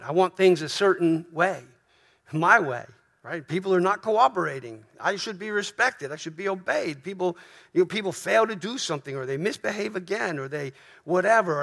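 A man's voice: on the high side, gravelly, a bit bright. Earnest, conversational preaching man. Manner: earnest, conversational preaching with frequent "right?" asides and restarts. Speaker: pastor. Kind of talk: sermon.

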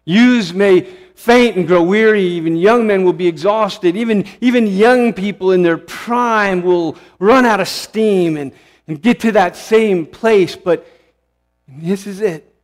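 A man preaching a sermon as pastor, impassioned, swelling to emphatic peaks and then dropping to a hush. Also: sits high, measured pace, in a large hall. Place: church sanctuary.

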